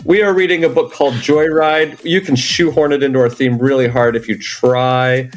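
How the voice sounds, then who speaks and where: A man's voice: mid-range voice, fairly even intonation, normal speed. A man hosting a podcast, talking in a loose, joking way with plenty of fillers, recorded in a hotel room. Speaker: podcast host. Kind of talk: casual chat.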